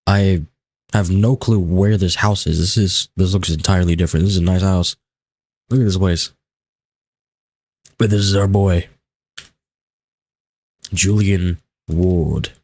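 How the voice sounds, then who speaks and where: A young man talks casually through a live gameplay stream, rambling and half talking to himself. His just-woke-up morning voice sits very low. A desk streaming mic picks him up dry and close. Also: steady tone, normal speed, long pauses, darkish tone, no echo. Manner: casual, rambling, self-talk while playing. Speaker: livestreamer.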